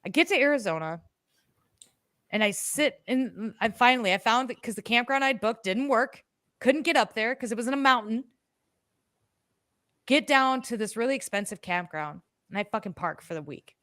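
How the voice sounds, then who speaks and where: A woman co-hosting a podcast, telling a story in a casual, animated way, swearing freely and acting out her own words. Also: on the high side, moderate pace, no room sound, clean studio sound. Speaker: podcast co-host.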